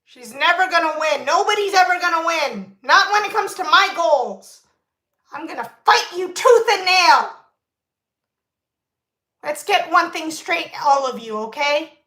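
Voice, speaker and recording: A young New woman with a very high, sharp voice, scolding her livestream chat in an indignant, emphatic rant. Her words bounce around an echoey room. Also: animated, a little slow. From Brooklyn, New York. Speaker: makeup livestreamer.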